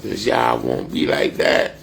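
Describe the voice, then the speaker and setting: A man's voice: medium pitch, expressive, slow pace, gravelly, slight background noise. A man, rambling profanely and boastfully on a casual livestream. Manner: loose, profane, boastful street talk.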